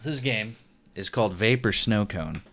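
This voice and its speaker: A man hosting a casual podcast chat, laughing often and acting out quotes in animated voices. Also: fairly low pitch, a little slow. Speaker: podcast host.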